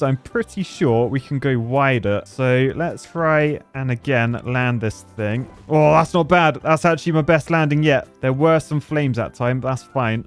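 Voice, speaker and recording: A man in his twenties chats through a building game, working out controls aloud at a mid-range pitch. He gets loud and giddy when his creations take off, laughing easily. Soft background music plays under his voice. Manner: excitable, laughs often, thinks aloud. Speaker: gaming YouTuber. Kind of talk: casual gameplay commentary.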